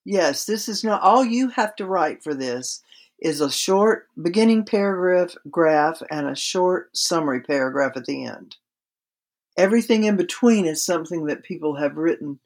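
Woman explaining with practical examples. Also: deep voice. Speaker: writing instructor guest. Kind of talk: podcast interview.

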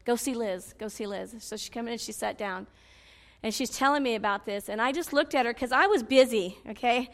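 A woman preaching a sermon, swinging between loud pleading cries and low confiding asides. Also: brisk, big-room sound.

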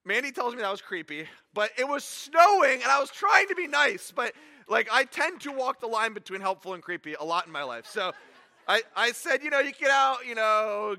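A man in his forties preaching a sermon, telling stories casually with animated, self-deprecating humor. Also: sits high, big-room sound. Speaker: pastor.

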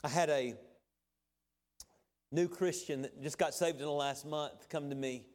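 A middle-aged pastor preaching a sermon in a conversational way, with asides and everyday illustrations. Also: male voice, a little high, unhurried, a little mellow.

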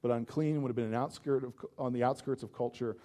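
A man's voice: mid-range voice, quick pace. A man preaching a sermon as pastor, in a conversational way, often saying "like" and stressing points with energy. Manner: conversational, peppered with "like", animated emphasis.

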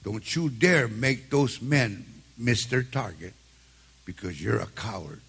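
An old preacher doing a stern army jumpmaster. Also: male voice, fairly low pitch, animated, slow pace, creaky, a bit bright, slightly rough, voice pushed down, exaggerated voice.

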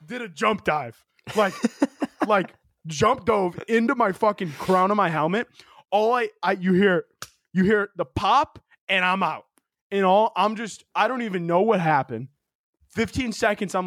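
A man's voice: high voice, no room sound, clean studio sound. A young man co-hosting a podcast, telling a story in a loose, swearing way full of "like" fillers. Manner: animated storyteller, heavy "like" fillers, swears freely. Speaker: podcast co-host. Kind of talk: casual storytelling chat.

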